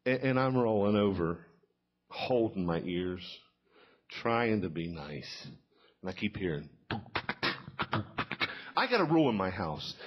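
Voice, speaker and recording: A man's voice: lowish voice, very animated, unhurried, pauses often, highs cut off. A middle-aged man telling folksy stand-up stories and quizzing a live audience in a small cafe. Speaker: comedian.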